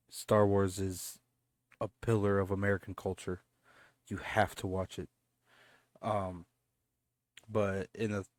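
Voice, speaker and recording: Give me a laid-back man with a low, even voice chatting through a reaction video. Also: no echo. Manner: laid-back, repeats himself, laughs often. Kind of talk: casual chat.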